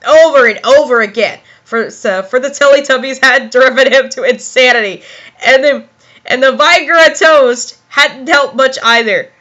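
A young woman reads a fan story aloud for comedy, breaking off to giggle and exclaim. Her voice is high and bright. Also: moderate pace, highs cut off. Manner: giggly, exclaiming, self-interrupting. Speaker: reader of fan fiction. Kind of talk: comic dramatic reading.

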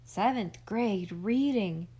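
A woman's voice: mid-range voice, slow pace, mellow, breathy edge. A woman voicing an eager old farmer uncle with a homespun, rambling way of talking, in an audiobook. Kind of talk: audiobook character reading.

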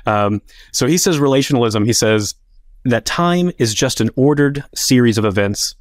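A man's voice: medium pitch, expressive, moderate pace, no room sound, studio quality. A man making a philosophical case in a debate, talking casually with many filler words. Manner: casual, filler-heavy with frequent "like". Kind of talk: academic debate argument.

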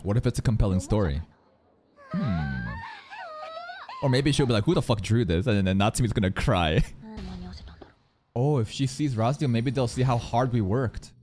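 A man hosting an anime reaction channel, talking casually and excitably, with loud outbursts, laughter and casual swearing. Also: mid-range voice, normal speed, pauses often. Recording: music playing in the background. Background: music under the voice.

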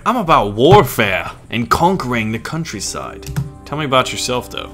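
A man with a slightly scratchy, mid-pitched voice gives loose, joking let's-play commentary. He riffs casually and throws in silly asides. Faint game music sits low underneath. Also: sing-song, normal speed, a bit bright. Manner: playful, jokey, casual. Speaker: gaming channel host.

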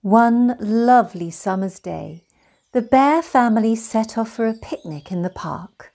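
Brief: woman storyteller, slow unhurried pace, lively lilting pitch. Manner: slow, gentle and expressive. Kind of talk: reading a children's picture book aloud.

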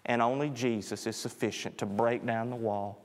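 A man preaching a sermon, rising on his appeals and dropping low and soft at the ends of phrases. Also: fairly even intonation, moderate pace, big-room sound. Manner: swells in pitch and loudness on appeals, drops low and soft on closing words. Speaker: pastor.

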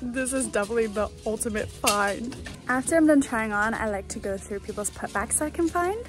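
Young woman, vlog narration, bubbly, chatty, trendy slang, high-pitched voice, music playing underneath. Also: a little fast. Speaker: vlogger. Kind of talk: day-in-my-life vlog narration.

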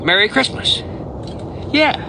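A man's voice: extremely high pitch, animated, slow. A man from the United States doing a comic one-sided phone call, earnest and polite, stammering as he restarts his sentences. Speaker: comedian. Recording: background noise.

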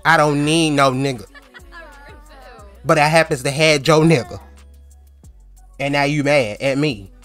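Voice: mid-range voice, a little fast, soft background music, natural voice. A man voicing a brash, wealthy young woman in a life-sim story who mocks and boasts. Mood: boastful. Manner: boastful, mocking, loud. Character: brash rich young woman who flaunts her money.

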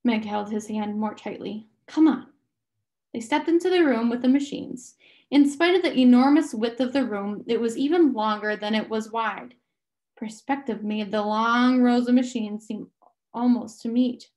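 A woman reading a novel aloud slowly and carefully. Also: a little high, darkish tone. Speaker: audiobook reader.

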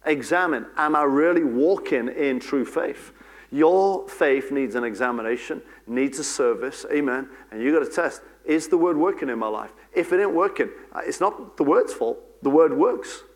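A man's voice: a little high, normal speed. A man preaching a church sermon as pastor, repeating key phrases and breaking into fervent prayer and declarations. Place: church service.

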